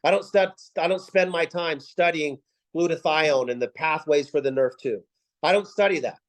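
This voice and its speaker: Man, high-pitched voice, video call, emphatic, repetitive rhetorical questions. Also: normal speed, rough recording. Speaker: team leader giving a sales pep talk. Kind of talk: motivational team call.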